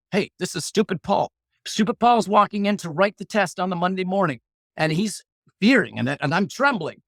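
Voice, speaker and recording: Animated male storyteller, fairly high voice. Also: no echo. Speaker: guest, former hostage negotiator. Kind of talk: storytelling in a podcast interview.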